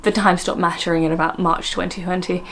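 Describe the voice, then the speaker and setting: An Australian woman vlogging in casual chat to the camera, with a slightly low voice. She talks in a chatty, self-deprecating way, easygoing and quick to poke fun at herself. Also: flat delivery, a bit bright, a little hiss or hum.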